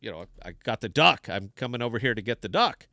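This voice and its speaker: A man's voice: mid-range voice, big pitch swings, fast, creaky, sharp tone, dry recording, clean studio sound, exaggerated voice. A man voicing a frustrated city man on a duck hunt, pleading and exasperated.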